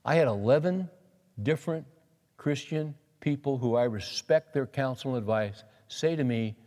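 Medium in pitch and a bit dark in tone, the man speaks at a normal speed. He's a pastor giving a homespun, conversational sermon, reading scripture and addressing his flock plainly, captured in a reverberant hall.

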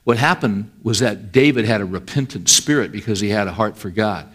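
A man's voice: lowish voice, fairly quick. A middle-aged male pastor preaching a sermon in a conversational way, often asking his listeners questions. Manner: conversational, asks the congregation questions.

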